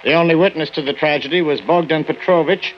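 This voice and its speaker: A brisk, formal radio newscaster, played by an actor reading a bulletin in an old radio drama. His voice sits a little high. The recording is dull, with faint noise behind. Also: close to an everyday voice. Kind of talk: 1940s radio acting.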